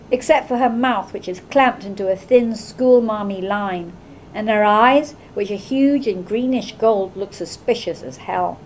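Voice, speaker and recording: A woman author giving a measured, expressive reading of her own novel. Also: a little high, slight background noise, poor audio. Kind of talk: literary reading aloud.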